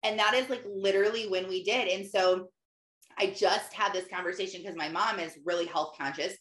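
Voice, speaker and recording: A woman hosting a casual live call, telling stories in an animated way and acting out her own lines with big jumps in pitch. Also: normal speed. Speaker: host, life coach. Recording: echoey room.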